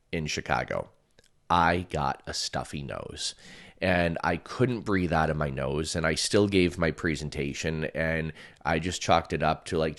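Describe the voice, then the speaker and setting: A man and coach telling a personal story in a casual, chatty way, often using "like" and acting out what people said. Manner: animated, acts out quoted voices with big pitch jumps; chatty, filler-heavy with frequent "like". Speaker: energy healing and hypnosis coach.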